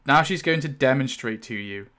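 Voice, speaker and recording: A man narrates a tabletop game as game master. His voice sits at a middling pitch. He rambles through heavy fillers and laughs often. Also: animated, normal speed, crowd noise.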